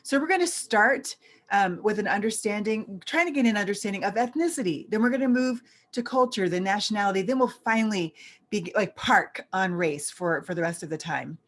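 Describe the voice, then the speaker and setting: A woman's voice: medium pitch, animated, fairly quick. A woman giving a church teaching presentation as a visiting scholar, earnest and conversational, repeating key points for emphasis.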